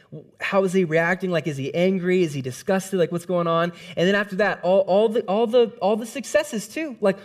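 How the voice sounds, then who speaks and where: A man preaching a sermon to a congregation, in a conversational, animated storytelling manner with frequent restarts. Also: on the high side. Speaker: pastor.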